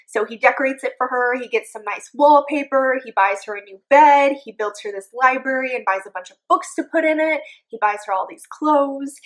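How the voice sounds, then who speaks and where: Young woman doing a jokey sarcastic book recap, kinda high voice. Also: fairly bright tone, low-quality recording. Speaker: book reviewer. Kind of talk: casual summary vlog.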